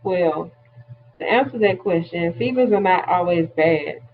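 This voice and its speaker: A woman's voice: lowish voice, animated, a little slow, phone-quality sound, slight background noise. A woman teaching a class, explaining terms step by step in a plain-spoken way. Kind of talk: classroom lecture.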